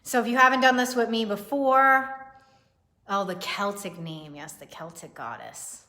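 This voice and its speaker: A young woman chats loosely through a live tarot reading, swearing freely and breaking into laughter. Her voice sits at an ordinary middle pitch for a woman, and the talk wanders and jokes before getting to the cards. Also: a little slow, sharp tone. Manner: chatty, swearing, laughing often. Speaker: tarot reader. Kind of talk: casual livestream tarot reading.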